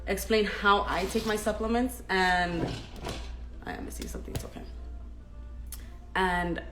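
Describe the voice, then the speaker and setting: A woman's voice: lowish voice, fairly bright tone. A young woman hosting a live stream, chatty and openly nervous, reading out viewer comments and laughing between them. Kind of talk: casual live-stream chat. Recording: roomy echo, faint music.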